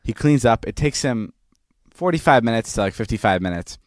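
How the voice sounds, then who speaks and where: A man's voice: mid-range voice, animated, a little fast, a little mellow, dry recording. A young man co-hosting a podcast, telling a rambling story in casual chat, repeating words and swearing freely. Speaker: podcast co-host.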